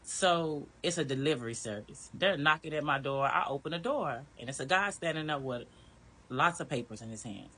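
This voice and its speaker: A woman's voice: sits low, expressive, moderate pace, sharp tone, breathy edge. A woman candidly telling her own story in a casual, blunt way, with some swearing. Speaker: storyteller recounting her marriage.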